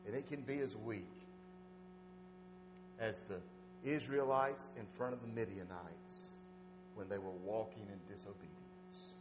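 A man preaching a sermon, telling folksy stories and swinging between loud urging and soft asides. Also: medium pitch, expressive, unhurried, pauses often, noisy background. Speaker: pastor.

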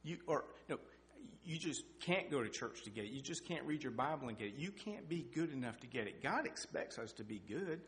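Folksy middle-aged preacher man. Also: a little fast. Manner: folksy, animated, climbs in pitch and loudness for emphasis. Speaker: lay preacher. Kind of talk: sermon with personal testimony. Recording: echoey hall with faint hum.

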